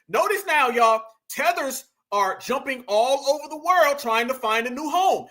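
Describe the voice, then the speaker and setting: A man with a very high, bright voice delivers animated commentary. He is emphatic and preachy, hammering each point home with repetition and rising to near-shouts. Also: measured pace. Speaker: commentary channel host.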